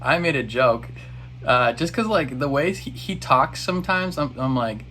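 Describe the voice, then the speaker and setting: A man's voice: mid-range voice, lively intonation, moderate pace, pushed and bright, slight background noise. A man in a casual reaction video, recapping an episode in a rambling, exasperated way.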